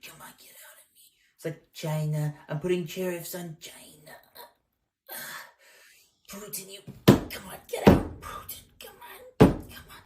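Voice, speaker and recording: A man's voice: on the high side, little pitch movement, fairly quick, hardly any pauses, reverberant, noisy background, lightly acted. A man voicing an older male politician who grunts and strains as he speaks, dropping into tense half-whispers. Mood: straining.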